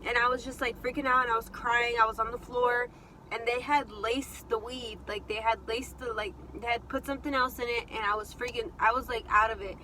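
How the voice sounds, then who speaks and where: Chatty high bright-voiced young woman. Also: a little fast, slight background noise, poor audio. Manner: chatty, animated, lots of fillers. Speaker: vlogger. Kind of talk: casual storytelling while eating.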